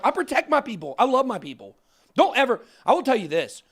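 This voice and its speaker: A man hosting a crypto talk show, emphatic and excitable, ranting into the camera. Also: extremely high pitch, fast talker, slightly rough. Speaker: crypto channel host. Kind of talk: fired-up casual talk on camera.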